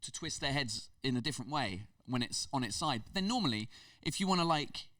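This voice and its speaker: A man with an English accent, a comedian guest telling stories in a casual podcast chat, animated and full of restarts. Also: medium pitch, a little fast, no room sound, recorded from a distance. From England. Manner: animated storytelling with many restarts.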